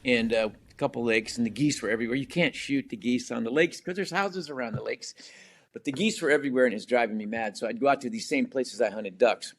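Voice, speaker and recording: A man from Colorado, a guest novelist, telling a hunting story on a podcast in an animated, laughing way with many restarts. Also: medium pitch, fast.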